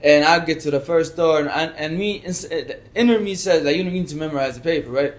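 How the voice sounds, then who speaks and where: A man telling a personal work story in a casual chat, animated, often repeating words and restarting. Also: fairly high pitch, fast. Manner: animated, acts out his own inner voice and others in quotes. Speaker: guest.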